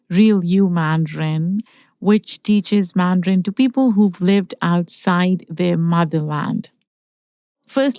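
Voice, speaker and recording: Smooth-voiced frank woman podcast host. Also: on the low side, darkish tone, no room sound, clean studio sound. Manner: frank and blunt, reacts with feeling. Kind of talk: interviewing a guest.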